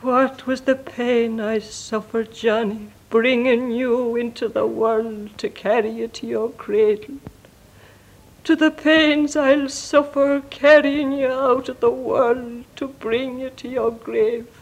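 An actress playing a grieving older Irish mother who prays in slow, keening lament, with an Irish accent. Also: a little high, level tone, darkish tone, rough recording. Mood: anguished.

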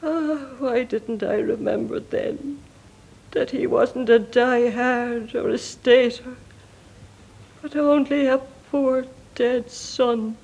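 An actress playing a grieving older Irish mother who prays in slow, keening lament, with an Irish accent. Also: on the high side, steady tone, gravelly, a little mellow, exaggerated voice, poor audio.

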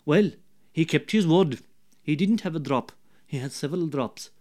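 A man with an Irish accent telling a folk tale, lively and dramatic, dropping to hushed asides. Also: on the high side, moderate pace. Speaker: storyteller.

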